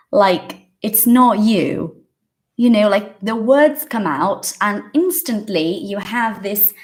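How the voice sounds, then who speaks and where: A woman's voice: fairly high pitch, a little mellow. A woman teaching a live English lesson, greeting viewers by name, explaining words and asking questions in a chatty way. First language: Portuguese.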